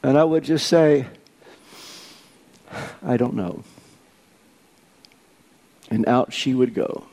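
An older man in his eighties preaching a sermon, deliberate and posing rhetorical questions to his congregation. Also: mid-range voice, creaky, warm tone. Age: 80s.

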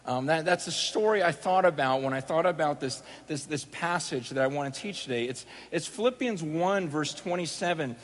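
A man's voice: fairly high pitch, normal speed, hardly any pauses, big-room sound. A man preaching a sermon who opens with a personal story. He tells it in a rambling, self-deprecating way, with lots of restarts, and acts out his own thoughts for laughs. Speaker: pastor.

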